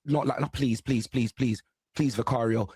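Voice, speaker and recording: A man reacting to a match on a watchalong, wailing and shouting in mock despair. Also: fairly even intonation, moderate pace, slightly rough. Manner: shrieking high-pitched wails and frantic shouting in mock despair.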